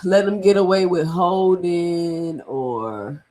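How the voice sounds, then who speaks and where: A woman's voice: lowish voice, takes it slowly, a crowd in the background. A woman hosting a live reaction stream, talking to her chat in disbelief and often laughing as she comments. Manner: incredulous, laughing, talks to chat. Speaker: boxing streamer host.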